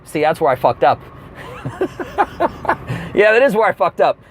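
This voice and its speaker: Animated man ranting from his car. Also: on the high side, normal speed, background noise. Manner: animated storytelling with acted-out quotes. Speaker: comedian. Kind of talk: comedic rant.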